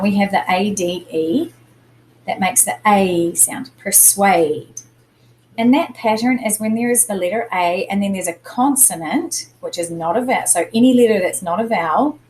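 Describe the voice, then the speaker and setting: A woman's voice: mid-range voice, darkish tone, a little hiss or hum, low-quality recording. A woman teacher giving a recorded lesson to young students, speaking patiently and repeating example words to show where the stress falls.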